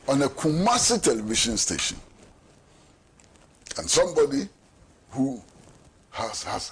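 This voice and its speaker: A man's voice: mid-range voice, slightly rough. A middle-aged man with a Ghanaian accent giving emphatic political commentary as a talk show host, repeating rhetorical questions. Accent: Ghanaian English.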